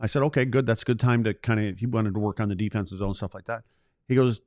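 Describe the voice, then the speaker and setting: Gravelly-toned older man telling stories. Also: on the low side, fairly even intonation, fast talker, a little mellow, dry recording. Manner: rambling storyteller, acts out quoted dialogue. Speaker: former player and podcast co-host. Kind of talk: casual podcast chat.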